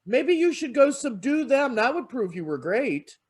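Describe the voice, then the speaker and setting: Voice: sits high, very animated, normal speed, husky, voice pushed up, heavily acted. A minister voicing a clever old male monk in a fable, coaxing and sly.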